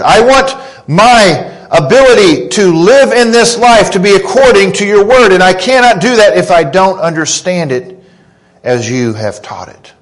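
A man in his thirties preaching a sermon, earnest and deliberate, rising in pitch when he quotes scripture. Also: low-quality recording. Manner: slow, earnest preaching with emphatic rises on quotes. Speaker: pastor.

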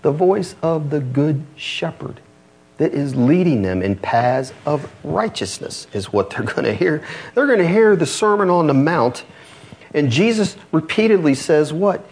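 Man preaching, scripture in low slow tones. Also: very animated. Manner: reads scripture low and slow, then rises to press points. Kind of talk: sermon.

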